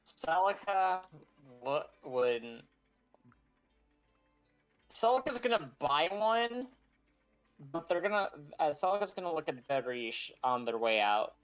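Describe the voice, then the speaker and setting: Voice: mid-range voice, big pitch swings, slow pace, long pauses, faint music behind, low-quality recording. A player in a tabletop game who talks casually and swears offhandedly.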